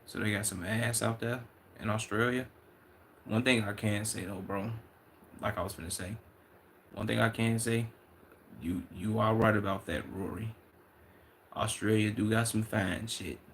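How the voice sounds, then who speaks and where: Gravelly-voiced man chatting on livestream. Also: fairly low pitch, normal speed, long pauses, a little hiss or hum. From Chicago. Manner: loose, profane, excitable banter with repeated restarts. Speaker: livestreamer reading chat. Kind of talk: casual livestream chat.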